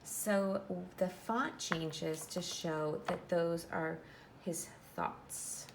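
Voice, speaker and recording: Gravelly low-voiced teacher reading aloud. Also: female voice, background noise. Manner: clear, instructive, pauses to explain. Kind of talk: classroom read-aloud.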